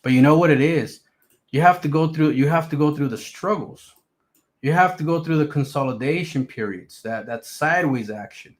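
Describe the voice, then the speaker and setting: A man's voice: fairly high pitch, normal speed. A man giving casual, emphatic market commentary on his stream, repeating his points. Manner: emphatic, repetitive, animated swings in loudness. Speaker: crypto streamer.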